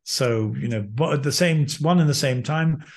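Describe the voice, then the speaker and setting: Priest guest, man, higher register; earnest, vivid storyteller. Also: moderate pace. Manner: earnest, lively anecdotes with acted-out quotes. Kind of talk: personal storytelling in conversation.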